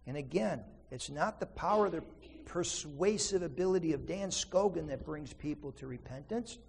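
A man's voice: on the high side, animated, moderate pace, gravelly, long reverb tail, slight background noise. A man preaching an earnest sermon, telling a story and then teaching from scripture with emphasis. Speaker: pastor.

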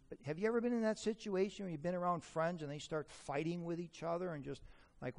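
High-voiced male preacher in a hall. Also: fast talker, vocal fry. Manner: humorous, questions the audience. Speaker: preacher teaching on parenting. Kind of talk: sermon. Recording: echoey hall reverb.

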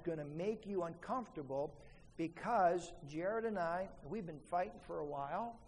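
Man, pastor, sermon, slightly high voice, emphatic pleading delivery, long church reverb, faint ambience. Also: a little hiss or hum. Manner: emphatic preaching with pleading rises and quiet drops.

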